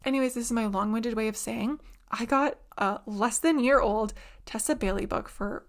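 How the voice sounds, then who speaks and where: A woman's voice: fairly high pitch, moderate pace. A woman in her twenties hosting a casual solo podcast, telling rambling stories with lots of "like". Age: 20s. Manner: rambling, chatty storyteller, heavy use of "like". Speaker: podcast host.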